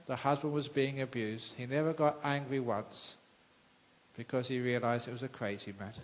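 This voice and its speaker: An older man with a British accent, a monk telling a story in a sermon, acting out characters with sudden loud outbursts. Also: medium pitch, poor audio. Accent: British English. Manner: animated storyteller, acts out voices with loud outbursts. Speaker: monk giving a dharma talk. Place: large trade centre hall with an audience.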